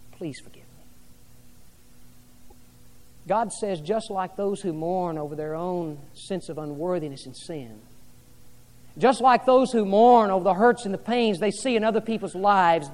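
A male pastor preaching a sermon to a congregation, rising loud and dropping soft by turns. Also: high-pitched, long reverb tail. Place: church hall with an audience.

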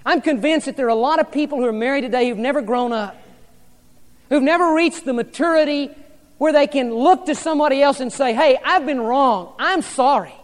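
A male pastor preaching a sermon to a congregation, rising loud and dropping soft by turns. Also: very high voice, a little fast, in a large hall. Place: church hall with an audience.

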